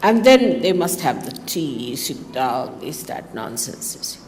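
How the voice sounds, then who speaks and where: A woman, giving a spiritual talk to her followers in a lively, teasing manner with mocking asides. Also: sits low, unhurried, a little hiss or hum. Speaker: spiritual teacher. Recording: long reverb of a hall, faint ambience.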